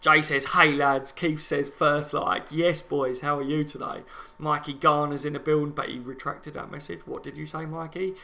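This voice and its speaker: A man's voice: fairly high pitch, little pitch movement, normal speed, gravelly, bright, forceful tone. A man with a Liverpool accent hosting a fan live stream, chatting passionately to viewers about an upcoming match and reading out their comments. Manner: passionate, chatty, talks to viewers as "guys" and "lads".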